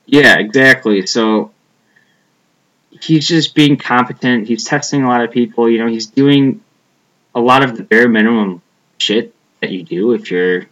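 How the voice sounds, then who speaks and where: A man's voice: medium pitch, a little slow, a bit bright, muffled recording. A young man chatting casually as a podcast co-host, rambling and profane, trailing off with a lot of "like". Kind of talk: casual chat.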